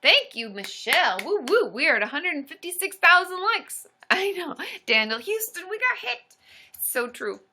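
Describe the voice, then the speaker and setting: A woman hosting a casual livestream as a counselor, bubbly and excitable, cheering along with sound effects. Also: extremely high pitch, moderate pace. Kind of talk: casual livestream chat with viewers.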